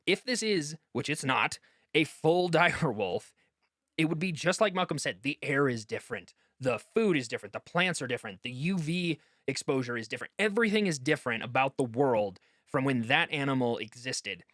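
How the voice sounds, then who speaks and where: A man's voice: medium pitch, lively intonation, moderate pace, a bit bright, no room sound, studio quality. A man giving heated, exasperated commentary in a video essay, slipping into mocking quoted voices as he rants. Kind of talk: impassioned commentary.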